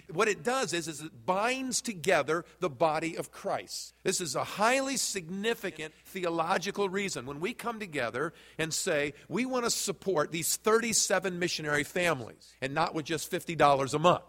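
In a church sanctuary, a male pastor with a high, slightly bright voice preaches a sermon, speaking directly to the congregation and quizzing them with questions. The sanctuary gives the recording a long hall reverb.

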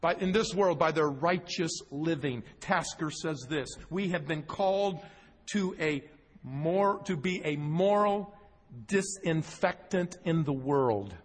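A male pastor preaching a sermon, reading scripture slowly and with emphasis, with joking asides to the congregation. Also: fairly high pitch, slightly rough. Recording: long hall reverb.

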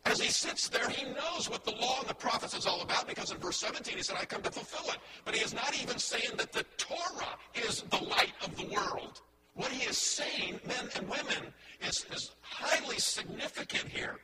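Emphatic preacher, high voice, distant and noisy. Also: male voice, expressive, moderate pace. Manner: emphatic, repetitive cadence. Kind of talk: sermon. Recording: distant mic with loud background noise.

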